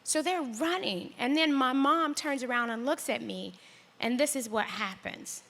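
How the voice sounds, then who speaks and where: Middle-aged woman, storyteller on stage, animated and lively, bright, fairly high voice. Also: unhurried. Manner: animated, acts out voices with big pitch jumps. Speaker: storyteller reading a personal essay on stage. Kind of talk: live storytelling performance. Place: large hall on stage.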